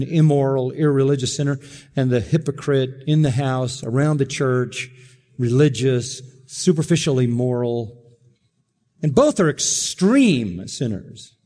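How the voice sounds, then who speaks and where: A man preaching an expository sermon with emphatic delivery and dramatic pauses, acting out the quotes he reads. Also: mid-range voice, expressive, warm tone, big-room sound.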